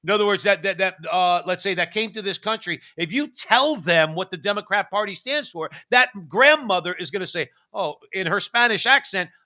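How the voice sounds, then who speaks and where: High bright-voiced man ranting. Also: lively intonation, normal speed, hardly any pauses. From United States. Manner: ranting, emphatic, restarts often. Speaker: co-host. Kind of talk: political commentary chat.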